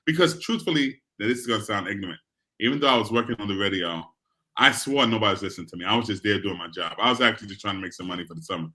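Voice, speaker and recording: A man with a South Bronx New York accent, hosting a casual interview and telling stories in an animated way. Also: fairly low pitch, rapid-fire. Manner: animated, storytelling.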